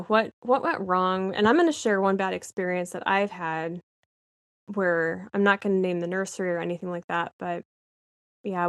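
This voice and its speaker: A chatty woman co-hosting a podcast, rambling along and giggling often. Her voice sits at an ordinary middle pitch. The sound is dry and close, with no room around it. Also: no room sound. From Nebraska, United States. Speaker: podcast co-host. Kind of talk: casual chat.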